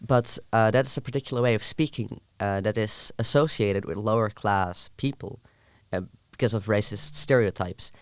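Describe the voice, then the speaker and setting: A young man from the southern Netherlands, Dutch his first language, explaining things carefully in casual podcast chat with many pauses. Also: lowish voice, clear, resonant tone, no echo. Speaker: podcast guest.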